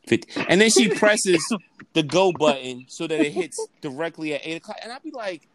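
A man's voice: on the high side, animated, fairly quick, crowd noise. Exasperated, profane man from the Northeast. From Northeastern United States. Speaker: podcast co-host. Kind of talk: casual podcast chat.

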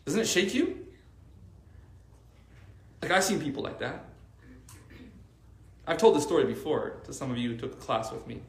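A man's voice: fairly high pitch, normal speed, pauses often, echoey room. A man who teaches Arabic, giving a casual religious talk to a faith circle and telling stories with lots of "like" fillers. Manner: animated storytelling with many "like" fillers.

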